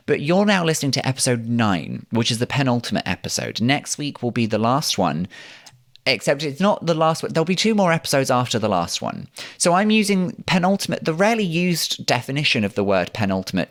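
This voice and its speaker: A man's voice: mid-range voice, a bit bright. Man, podcast host, self-mocking jokes, voice swinging up and down a lot. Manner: bouncy, self-mocking, jokey asides. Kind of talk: comic podcast monologue.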